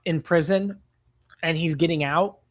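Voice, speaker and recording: A man's voice: fairly high pitch, unhurried, no room sound, studio quality. A young man co-hosting a casual live stream, reading chat messages and poll results aloud and retelling comedy sketches. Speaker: co-host of a movie reaction stream.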